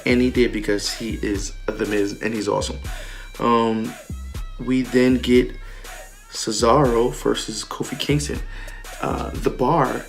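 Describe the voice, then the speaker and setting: A man's voice: mid-range voice, fairly even intonation, unhurried, gravelly, faint music behind. A man hosting a podcast, casually recapping a wrestling show, full of ums and retold quotes. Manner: chatty, many ums, retells lines in quoted voices. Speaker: podcast host.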